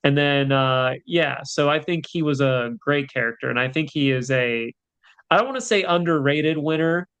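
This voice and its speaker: A man's voice: a little high, moderate pace, fairly bright tone, clean tone. A man co-hosting a podcast in casual chat, rambling with lots of fillers. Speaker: podcast co-host.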